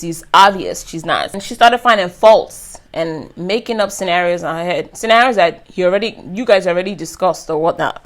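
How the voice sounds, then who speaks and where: A young woman reviewing a reality show in a casual, chatty recap full of slang. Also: fairly low pitch. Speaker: YouTube reviewer.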